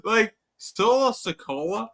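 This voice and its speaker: A man hosting a casual podcast, animated and self-mocking, swearing now and then. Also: sits high, slow. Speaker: podcast host.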